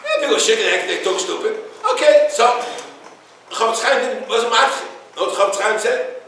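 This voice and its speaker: A man teaching a Torah class, his voice pitched high and lively as he tells stories and acts out the people in them. He sounds far from the microphone in a strongly echoing room. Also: fairly quick, a little hiss or hum. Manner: animated storyteller, acts out dialogue, Yiddish and Hebrew words. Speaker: rabbi giving a Torah class. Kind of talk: informal Torah lecture with stories and humor. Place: room with listeners.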